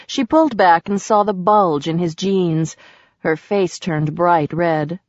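A woman narrating a romance audiobook in an even, sensual storytelling manner. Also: fairly low pitch, slow pace, no room sound. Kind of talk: scripted narration. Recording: dull dry recording.

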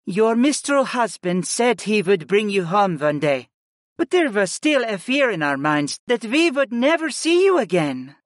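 A man voices a gentle middle-aged chief's wife, speaking slowly and softly in a raised, lilting voice. Her formal speech welcomes everyone like family, and the reading is dry and close. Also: high-pitched, sing-song, dry recording, voice pushed up. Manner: slow, soft, formal and welcoming.

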